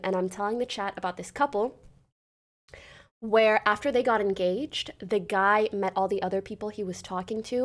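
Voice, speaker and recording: A woman hosting a casual livestream chat. She recaps a story to her viewers in an animated way, swears freely and acts out the lines she quotes. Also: medium pitch. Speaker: livestream host.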